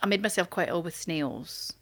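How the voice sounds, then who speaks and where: A woman's voice: on the low side, normal speed, a bit bright, breathy edge. A middle-aged woman, an actress, telling funny stories as a podcast guest. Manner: self-mocking storyteller, frequent laughs and restarts. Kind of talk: casual chat, anecdotes.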